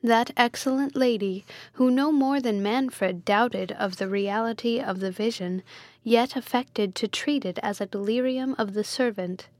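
A woman reading a Gothic novel aloud in a measured, even storytelling manner. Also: on the high side, no room sound, clean studio sound. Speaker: audiobook reader.

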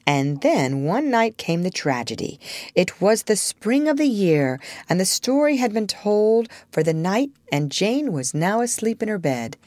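A woman narrating a storybook aloud in an expressive, gently wistful way. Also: medium pitch, measured pace, no room sound. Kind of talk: storybook reading.

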